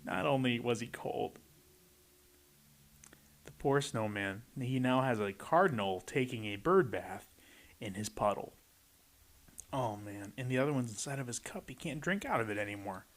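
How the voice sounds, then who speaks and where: A man's voice: medium pitch, expressive, normal speed, pauses often. A man reading a rhyming picture book aloud and adding playful commentary between the pages. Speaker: storybook reader. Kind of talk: picture book read-aloud with chatty asides.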